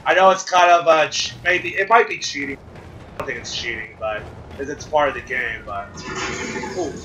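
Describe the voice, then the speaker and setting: A young man giving casual, profane, excitable commentary on his own gameplay, talking to viewers. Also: a little high, fairly quick, background noise. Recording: loud game gunfire behind.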